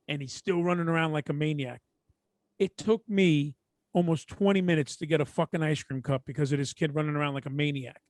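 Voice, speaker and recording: A middle-aged podcast co-host from Brooklyn, New York, with a New York accent, tells a story in casual, animated chat, talking fast in a slightly high voice and imitating people when he quotes them. The audio is dry, close-miked and echo-free.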